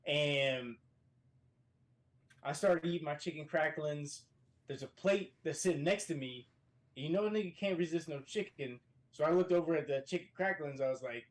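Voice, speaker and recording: A man with a slightly high voice tells stories in a loose, profane way and gets animated as he goes. He is a podcast guest calling in from a hotel room, and he talks in a relaxed, chatty manner. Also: normal speed. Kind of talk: casual podcast chat.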